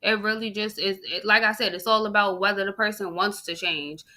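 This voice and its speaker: A woman's voice: mid-range voice, steady tone, brisk, sharp tone. A woman co-hosting a casual podcast chat, blunt and candid, talking in loose slang. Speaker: podcast co-host.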